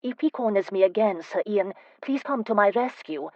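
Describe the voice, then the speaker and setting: A woman narrator voicing a spirited, teasing young woman in an audiobook, speaking with lively, emphatic delivery. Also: mid-range voice, normal speed, no echo, muffled recording, voice pushed up, natural voice. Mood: exasperated. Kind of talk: audiobook character voice.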